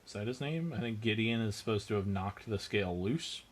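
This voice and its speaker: A man's voice: on the low side, animated, a little fast. A man hosting a miniature painting livestream, chatting casually as he works and answering viewers with dry, self-mocking humor.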